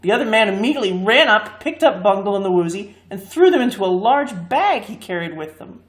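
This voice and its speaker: A woman reading a fantasy story aloud, expressive and lively. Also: medium pitch, brisk. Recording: echoey room.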